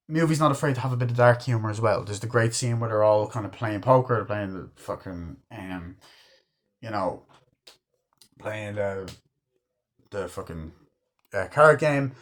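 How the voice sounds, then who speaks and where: A man talks through a film he loves in a loose, rambling way. He swears freely and keeps breaking into quick impressions of the scenes, with a voice in the middle of the usual range for a man. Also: medium pitch, fairly bright tone. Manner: rambling, swears a lot, acts out quoted scenes. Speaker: movie reviewer. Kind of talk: casual movie review.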